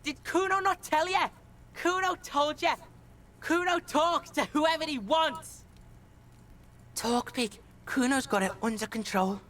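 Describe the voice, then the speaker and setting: A woman's voice: high-pitched, measured pace, a bit bright. A woman voicing a brash, foul-mouthed young street boy in a video game who swears and talks about himself in the third person. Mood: cocky.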